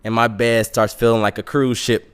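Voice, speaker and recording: A young man telling a comic story in a casual, animated, self-mocking way. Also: mid-range voice, normal speed, clean tone.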